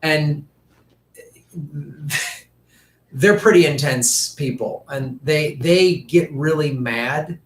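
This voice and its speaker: A man ranting through casual political commentary, profane and mocking, slipping into quick impressions of politicians. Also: medium pitch, roomy sound.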